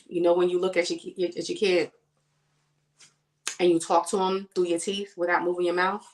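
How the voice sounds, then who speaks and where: A woman hosts a laid-back makeup livestream, chatting with viewers and calling them y'all and girl while she works. Her voice sits on the low side, moderately paced and a bit bright, in an echoey room.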